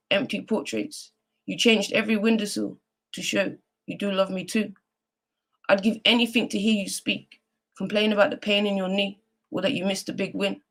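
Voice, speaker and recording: On a video call, a woman with a mid-range voice appears as a guest poet. She recites spoken word poetry, then chats in a heartfelt, earnest way.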